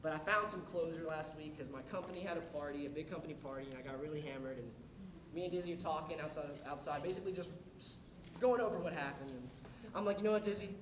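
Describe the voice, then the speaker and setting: A man's voice: a little high, quick pace, noisy background. A young man doing stand-up, telling a story and acting out what people said. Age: young adult. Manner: animated, acts out quotes of others. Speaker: stand-up comedian. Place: comedy club stage. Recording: roomy club sound from a distance, audience laughter. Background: audience laughing.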